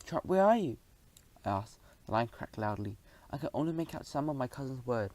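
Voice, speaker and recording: A man's voice: mid-range voice, fairly quick, a little mellow, poor audio. Man narrating a storybook. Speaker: audiobook narrator. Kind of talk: first-person storybook narration.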